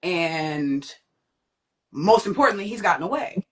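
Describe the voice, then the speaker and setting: A woman's voice: expressive, a little slow. A young adult woman telling her personal testimony as a guest, acting out quoted voices. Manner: vivid, acts out quoted voices with big pitch jumps. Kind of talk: personal storytelling.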